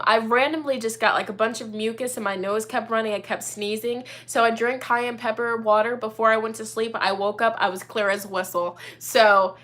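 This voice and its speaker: A woman's voice: a little high, bright, forceful tone. A young woman hosting a casual live chat as a tarot reader, talking in an upbeat, rambling way full of "you know" and "like". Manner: chatty, upbeat, lots of fillers like "you know" and "like".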